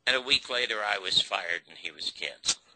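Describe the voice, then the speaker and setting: A man's voice: on the low side, lively intonation, a little fast, bright, forceful tone, slight background noise, rough recording. An older man, a guest on an interview show, telling a story and acting out the dialogue.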